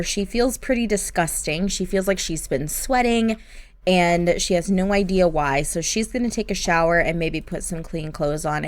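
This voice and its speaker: Chatty woman narrating a game. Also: medium pitch. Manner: chatty, with fillers and laughs. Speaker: gaming channel host.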